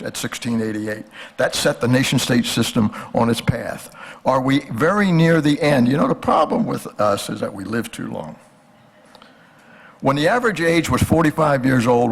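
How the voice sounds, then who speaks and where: Older male lecturer, gravelly and husky, speaks casually to the audience and keeps asking rhetorical questions. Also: mid-range voice. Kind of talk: conversational history lecture.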